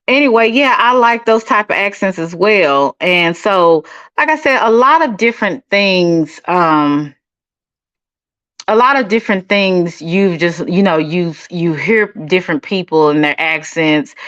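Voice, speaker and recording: Lo-fi audio with no echo captures a fairly bright, lowish female voice. She's a middle-aged livestream host from Dallas with a Texan accent, casually reading viewer comments in a sassy, chatty way and tossing out honey and baby.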